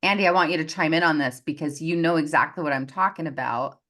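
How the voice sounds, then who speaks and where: A woman coaching on a live group call, lively and expressive, acting out quoted voices as she talks. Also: sits low, fast talker. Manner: animated, acts out quoted voices. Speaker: success coach.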